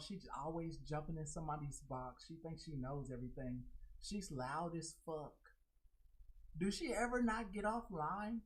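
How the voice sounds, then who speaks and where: A woman hosting her own livestream, ranting bluntly and profanely, mocking people in high, loud put-on quotes. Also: poor audio. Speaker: livestream host. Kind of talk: unscripted livestream rant.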